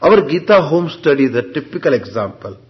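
A man's voice: fairly high pitch, big pitch swings. Man teaching scripture, dull recording. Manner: asks the class rhetorical questions and answers them himself; slow, deliberate reading of Sanskrit terms. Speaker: Vedanta and Sanskrit teacher. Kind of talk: classroom scripture lecture.

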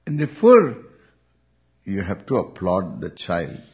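A man with an Indian accent, a spiritual teacher giving an unhurried Vedanta discourse, chuckling often as he speaks. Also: deep voice, gravelly. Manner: unhurried, chuckling, lively intonation. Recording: dull lo-fi recording.

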